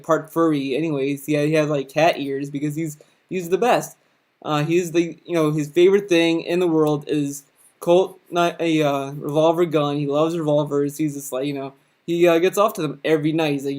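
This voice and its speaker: A man's voice: fairly high pitch, darkish tone. Rambling, profane man with a raised voice. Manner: rambling, crude and profane, frequent fillers and restarts; mocking, puts on quick sarcastic quoted voices. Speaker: video host. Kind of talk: casual comedic character rundown.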